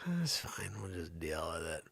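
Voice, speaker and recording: A man hosting an improvised live comedy show, teasing and rambling, swinging from loud shouts to hushed whispered asides. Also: deep voice, sing-song, a little slow, vocal fry, breathy edge, dry recording.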